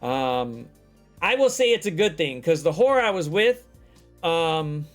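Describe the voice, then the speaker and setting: Man, fairly high voice, casual guest chat, rambling profane storytelling, faint music behind. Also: very animated, measured pace. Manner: profane, rambling storytelling full of acted-out quotes. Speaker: guest telling a personal story.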